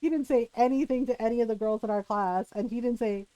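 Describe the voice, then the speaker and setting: A woman streamer casually telling a story to her live chat, animated and laughing often, checking in with "right?". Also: on the high side, quick pace, no room sound, dull audio.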